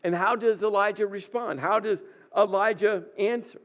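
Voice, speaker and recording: A man's voice: sits high, steady tone, moderate pace, fairly bright tone, dull audio. A male pastor preaching a sermon, retelling a scripture story and acting out its dialogue with rising intensity.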